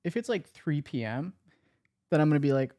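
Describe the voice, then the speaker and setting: A man's voice: on the high side, expressive, a little fast, warm tone. A man as the guest in casual chat, rambling, correcting himself and laughing a lot.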